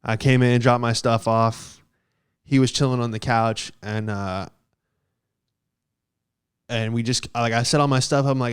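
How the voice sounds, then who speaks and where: Smooth-voiced young man spinning a rambling yarn. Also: mid-range voice, unhurried, pauses often. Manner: rambling, profane, heavy on fillers. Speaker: podcast host. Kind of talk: casual comic storytelling.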